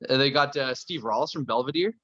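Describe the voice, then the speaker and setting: A man from Canada tells rambling, profane stories in relaxed podcast chat. His voice is bright and forward. The recording is dry and a little dull, with no room sound around him. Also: medium pitch, a little fast, dry recording. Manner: loose, profane storytelling. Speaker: podcast guest.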